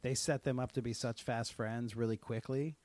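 Relaxed male podcast co-host, medium voice, easygoing and hedging, dry mic. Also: mid-range voice, normal speed, no echo. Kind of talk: casual chat recapping a TV show.

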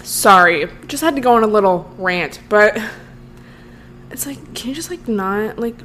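A woman's voice: mid-range voice, animated, measured pace, fairly bright tone, a little hiss or hum. A young woman in her twenties hosting a podcast, rambling through a casual story with lots of filler words. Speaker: podcast host. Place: Los Angeles.

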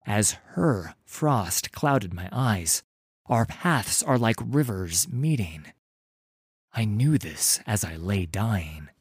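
A gaunt, frozen undead man from a storybook, as a man voices him, speaking in a low, grave and measured voice. His pace is slow and unhurried, the sound dry and close. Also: lively intonation, slightly rough, dry recording, exaggerated voice. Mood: solemn. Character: gaunt undead man, blue and translucent, solemn.

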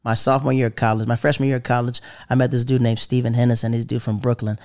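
Speaking very fast in a medium-pitched, level, slightly mellow voice, a stand-up comedian from the American South rambles through a casual story. He fills it with "like" and plays out the voices of the people involved, with no room sound.

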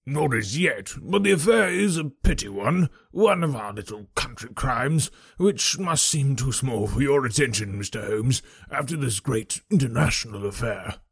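A man's voice: medium pitch, expressive, vocal fry, breathy edge, no echo, studio quality. Man doing a bluff old colonel. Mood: chatty. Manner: brisk, matter-of-fact. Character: bluff old retired army colonel, hearty country gent. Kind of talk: audiobook character reading.

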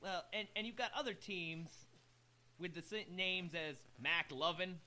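High-voiced man in rambling sports chat. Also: unhurried, sharp tone. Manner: rambling, repeats words, laughs often. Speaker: radio show co-host.

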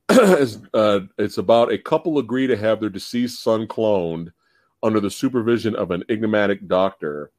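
Male live-stream host, expressive swinging pitch, loose and profane, plenty of laughter. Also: no echo. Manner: animated, laughs often, swears casually. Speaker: podcast host. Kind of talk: casual live-stream movie chat.

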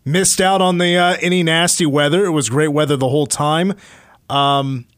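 Hoarse sports radio host, dry booth. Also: male voice, fairly high pitch, fairly even intonation, moderate pace, fairly bright tone, no room sound. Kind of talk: casual sports radio chat. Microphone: studio mic.

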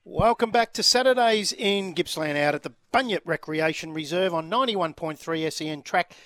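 A man's voice: fairly high pitch, normal speed, a bit bright, faint music behind. An Australian man hosting a local football radio show, chatting enthusiastically and heaping praise on his guests. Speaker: radio sports show host. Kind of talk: casual radio sports chat.

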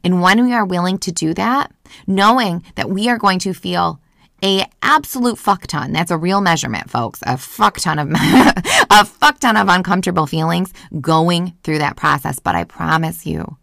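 A woman's voice: lowish voice, normal speed, vocal fry, a bit bright, dry recording, clean studio sound. A woman hosting a podcast alone, talking passionately and candidly into a microphone, swearing freely, from a closet at home. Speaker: podcast host. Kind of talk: casual motivational monologue. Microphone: studio microphone.

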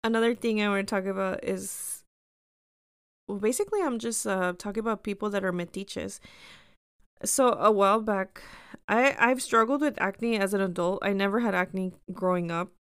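A woman's voice: mid-range voice, normal speed, smooth, no room sound, studio quality. A woman in her thirties casually telling personal stories, chatty and full of fillers, acting out the people she quotes. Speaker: storyteller.

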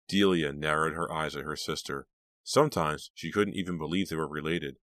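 Low-voiced man narrating an audiobook. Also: fairly quick, a bit bright, no room sound, clean studio sound. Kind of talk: scripted narration.

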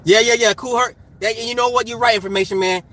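A middle-aged man in casual chat, animated and profane, getting hyped and laughing as he argues his point. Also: very high-pitched, fast talker.

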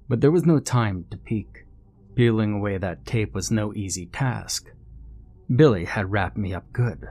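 Slow, low-voiced horror narrator. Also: male voice, darkish tone. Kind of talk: scripted horror story narration.

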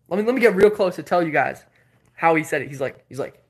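A man hosting a livestream, telling a story casually in a rambling, animated way with many filler words. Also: high voice, brisk. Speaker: host.

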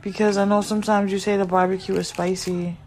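Frank, scattered mom podcaster. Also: female voice, medium pitch, flat delivery, fast talker, a little mellow. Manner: frank and scattered, breaks off to tend her kids. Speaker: podcast host and mother. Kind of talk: candid casual rambling to listeners.

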